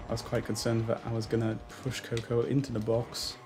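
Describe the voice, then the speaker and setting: A man's voice: medium pitch, monotone, brisk, darkish tone, soft background music. A man giving casual, self-deprecating commentary while playing a racing game, swearing and laughing at his own mistakes. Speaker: gaming YouTuber.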